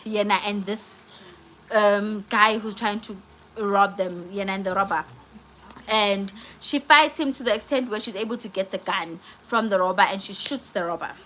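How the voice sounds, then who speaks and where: A woman chatting on a live stream, retelling a film's plot with animated slang-filled storytelling. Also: a little high, a little hiss or hum, low-quality recording. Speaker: vlogger doing a live movie review.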